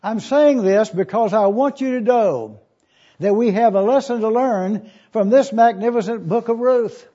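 An elderly male pastor preaches with a high, mellow voice. He reads scripture aloud and drives points home with slow, repeated questions, captured on a dull, lo-fi recording. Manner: emphatic, repeats key questions slowly. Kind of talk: sermon.

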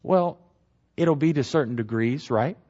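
A man's voice: mid-range voice, measured pace, a little mellow. A man teaching the Bible verse by verse in a conversational way. He repeats key phrases and keeps asking "right?". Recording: dull lo-fi recording.

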